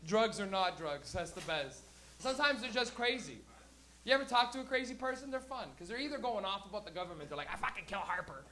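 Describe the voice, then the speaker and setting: A man's voice: high voice, expressive, fairly quick, bright, forceful tone. A man doing crude, rambling live stand-up comedy as host, acting out characters for a crowd. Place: comedy venue before a live audience.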